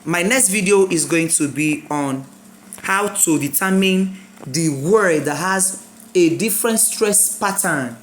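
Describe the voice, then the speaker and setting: A teacher gives an exam-prep lesson, repeating words slowly and quizzing the listeners. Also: medium pitch, slight background noise. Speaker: English teacher.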